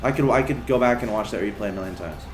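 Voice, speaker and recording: A man doing casual esports commentary on a strategy game match, chatty and excitable. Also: fairly low pitch, fast, echoey room, soft background music.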